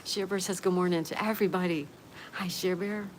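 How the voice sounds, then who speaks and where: A woman's voice: on the low side, fairly even intonation, fairly quick, slight background noise. A woman from Florida hosting a livestream, chatting and reading viewer messages aloud. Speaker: livestream host. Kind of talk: reading live chat aloud. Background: rain ambience.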